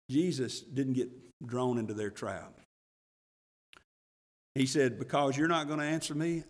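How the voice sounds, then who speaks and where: A man's voice: medium pitch, fairly even intonation, a little slow, long pauses, in a large hall. A man preaching a sermon as pastor, acting out the voices he quotes, and building to fervent emphasis.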